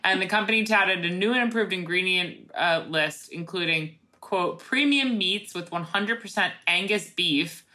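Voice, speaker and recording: A woman's voice: lowish voice, moderate pace, few pauses, pushed and bright. A woman co-hosting a casual podcast, sarcastic and profane, rambling with lots of fillers. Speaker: podcast co-host.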